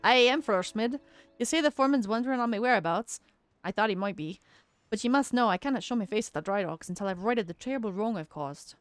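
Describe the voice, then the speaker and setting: Lady doing a rustic sailor-accent dockhand guy, earnest and guilty, a little high and loud. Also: animated, fast, clean tone, dry recording, faint music behind, natural voice. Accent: put-on rustic seafaring accent. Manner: old-fashioned folksy dialect. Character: earnest young male dockhand, guilty and worried.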